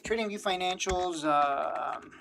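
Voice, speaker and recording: A woman hosting a casual stock live stream, thinking aloud with lots of fillers and blunt asides, a little hoarse from losing her voice. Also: lowish voice, takes it slowly, over music. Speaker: stock livestream host.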